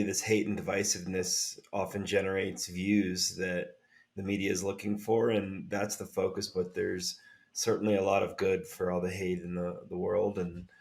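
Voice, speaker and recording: Podcast host guy, deep and pretty monotone, measured. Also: gravelly. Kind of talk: interview.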